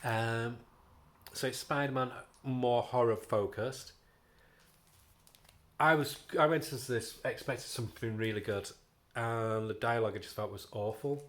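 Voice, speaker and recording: A man's voice: medium pitch, steady tone, unhurried. Chatty British man reviewing comics. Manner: chatty and rambling, with frequent ums and restarts. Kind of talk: casual review vlog.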